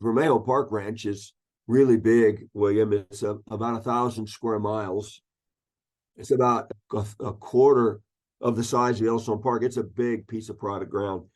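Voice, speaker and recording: A man's voice: fairly low pitch, fairly even intonation, moderate pace, a little mellow. A man in his sixties, an ecologist guest, telling anecdotes in an interview and acting out the voices of people he quotes. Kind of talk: storytelling interview.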